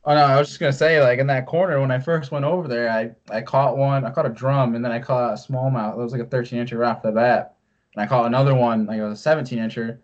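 Host: easygoing man, mid pitch, quick laugh, muffled lo-fi sound. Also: fairly even intonation. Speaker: podcast host. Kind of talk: casual podcast chat.

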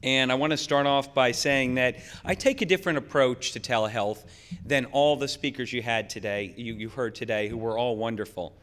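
Brief: middle-aged male keynote speaker, mid pitch, folksy and energetic, long hall reverb. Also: moderate pace. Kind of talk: conference keynote talk. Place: conference hall.

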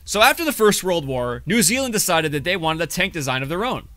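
A man's voice: fairly high pitch, big pitch swings, brisk, a bit bright, dry recording, soft background music. A man voicing a female tank character in a dating game, explaining things matter-of-factly.

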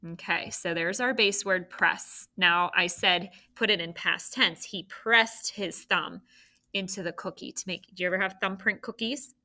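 A woman's voice: medium pitch, a little slow, bright, forceful tone. A woman teaching a phonics lesson, patiently prompting the children and praising their answers.

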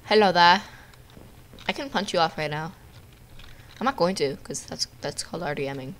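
A woman giving playful, jokey live commentary on her own gameplay, with quick outbursts at the game. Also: low-pitched, lively intonation, fairly bright tone. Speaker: gamer narrating her own video.

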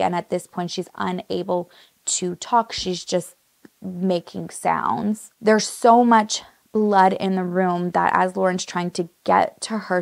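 A woman narrates a true crime case in a relaxed, conversational manner, leaning on fillers as she goes. Her voice is a touch low, with a gravelly fry running through it. The sound is dry and close, with no room around it. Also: no echo. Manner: conversational, many "like" and "just" fillers.

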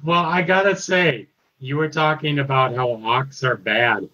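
A man's voice: mid-range voice, a little slow, bright, forceful tone. A man hosting a casual review chat, recapping scenes in a loose, filler-heavy way. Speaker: host reviewing a cartoon episode. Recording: dull lo-fi audio.

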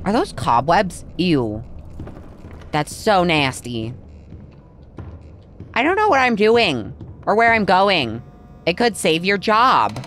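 A woman's voice: lowish voice, huge pitch swings, slow, long pauses, a bit bright, slight background noise. A woman playing a horror game and chatting through it, talking to the characters and reacting with surprise. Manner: chatty, talks to the game, easily startled. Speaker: gaming channel host. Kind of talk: let's play commentary.

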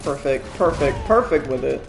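A young man streaming a video game, chatting casually, swearing often and laughing as he reacts loudly to the action. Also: mid-range voice, expressive, moderate pace, gravelly. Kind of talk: casual gameplay commentary. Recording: echoey room with game music.

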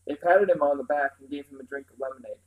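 Man reading a novel aloud, somewhat high voice. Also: quick pace, poor audio. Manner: unpolished, stumbles and corrects himself. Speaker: reader.

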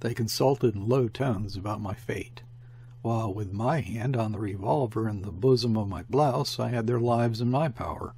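A man reading a classic short story aloud as an audiobook narrator, in a measured storytelling manner. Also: on the low side, darkish tone, slight background noise. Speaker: audiobook reader. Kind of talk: scripted literary narration.

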